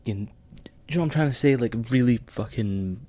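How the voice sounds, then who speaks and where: A man's voice: medium pitch, brisk, warm tone. A man co-hosting a wrestling podcast in sweary, rambling casual chat. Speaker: podcast co-host.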